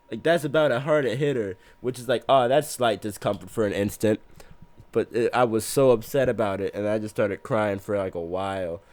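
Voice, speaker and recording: Male podcast guest, lower register, loose rambling storyteller who laughs at himself. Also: darkish tone, no echo. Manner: rambling, self-mocking, laughs through his words. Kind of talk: casual storytelling chat.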